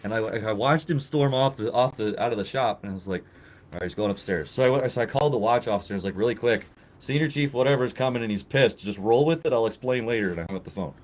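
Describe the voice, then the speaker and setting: A man's voice: medium pitch, fast, slight background noise, poor audio. A man telling a swearing, laugh-filled story in casual chat, acting out the people he quotes. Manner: animated, laughs often, acts out quotes. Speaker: podcast co-host telling a story.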